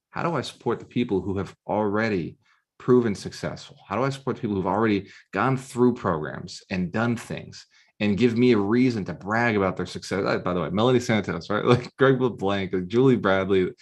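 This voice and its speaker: A man giving a motivational coaching talk as a real estate mentor, punchy and firing rhetorical questions at his students over a video call. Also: fairly low pitch.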